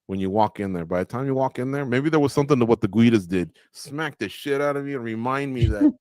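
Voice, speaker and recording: A fast-talking man with a medium-pitched, darkish voice co-hosts a sports radio show from the studio, with no room sound. He's casual and chatty, spinning stories, acting out quotes, and cracking himself up at his own jokes.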